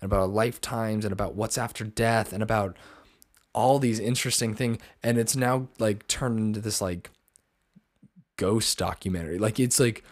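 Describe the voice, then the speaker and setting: A man's voice: fairly low pitch, normal speed, no echo, clean studio sound. A young man hosting a podcast, chatting casually and rambling, with lots of fillers. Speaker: podcast host. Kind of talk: casual chat.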